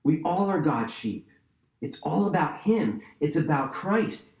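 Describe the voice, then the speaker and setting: Guy pastor preaching, kinda high voice, repeats stuff for emphasis, echoey room. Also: animated, unhurried, a little mellow. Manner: emphatic, repeats key phrases, conversational asides. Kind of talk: sermon. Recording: roomy echo.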